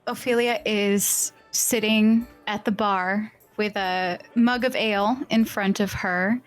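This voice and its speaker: A woman player describing her character's actions in a tabletop game, calm and descriptive. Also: mid-range voice.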